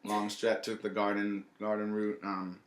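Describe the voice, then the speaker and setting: A young man with a low voice chats loosely on a podcast, rambling through his stories with lots of fillers. He slips into quick acted-out quotes along the way. The room around him is echoey. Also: completely flat delivery. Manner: rambling storyteller, many fillers, acts out quotes. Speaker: guest, restaurant owner. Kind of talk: casual podcast chat.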